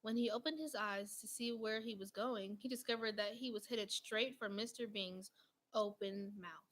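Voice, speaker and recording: A woman reading a children's picture book aloud in a gentle storytelling manner. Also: medium pitch, moderate pace, poor audio. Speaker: storybook reader.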